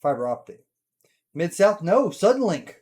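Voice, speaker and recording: A man playing a tabletop game, chatting casually in a relaxed, joking way. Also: sits high, moderate pace, husky. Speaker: player.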